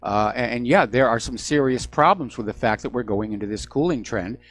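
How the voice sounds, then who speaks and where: A man's voice: mid-range voice, brisk, no echo. Dry-voiced man hosting call-in radio. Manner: conversational, explanatory, sometimes wry. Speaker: radio talk show host. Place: Hawaii.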